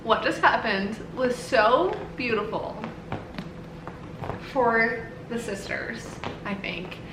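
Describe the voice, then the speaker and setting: A woman's voice: on the high side, takes it slowly, reverberant, noisy background. A woman book vlogger reacting emotionally as she reads at home, laughing and near tears while talking to herself and the camera. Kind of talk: emotional reading vlog reactions.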